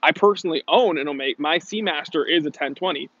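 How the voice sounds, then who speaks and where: A man's voice: on the high side, fast talker, a bit bright, dry recording. A man who runs a watch shop, hosting a live stream and chatting through viewer comments in a rambling, casual way. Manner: rambling, restarts and fillers, answers chat questions. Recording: dry, dull lo-fi stream audio.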